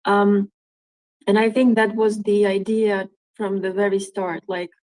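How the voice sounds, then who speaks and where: Woman from Ukraine, thoughtful, pauses to find her words, online audio chat. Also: mid-range voice, level tone, darkish tone, poor audio. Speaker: Twitter Space speaker. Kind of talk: spontaneous discussion. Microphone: online audio room.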